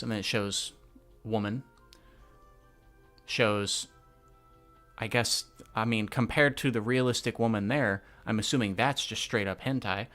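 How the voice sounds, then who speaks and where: A man's voice: fairly low pitch, measured pace, a bit bright, soft background music. A young man casually reading and reacting to a manga, swearing and laughing in slang.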